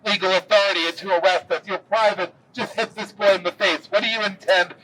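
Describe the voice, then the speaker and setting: A man's voice: sits high, steady tone, brisk, sharp tone, distant mic, poor audio. A man quoting a tall sailor confronting soldiers, speaking firmly and with challenge. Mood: defiant. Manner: firm, challenging.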